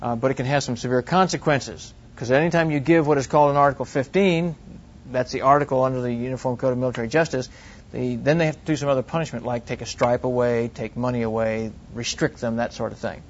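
A man's voice: medium pitch, fairly even intonation, fast. A middle-aged man giving an earnest, plain-spoken Christian teaching talk full of family stories. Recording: dull lo-fi recording.

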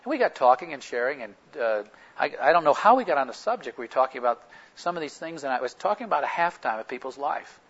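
Husky, animated male preacher. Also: mid-range voice, fast talker, highs cut off. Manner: animated anecdotal storytelling with lively quoted dialogue. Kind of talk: sermon storytelling.

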